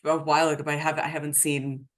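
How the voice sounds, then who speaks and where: A woman hosting a casual chat, chatty and animated, laughing often. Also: deep voice, fast. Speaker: host.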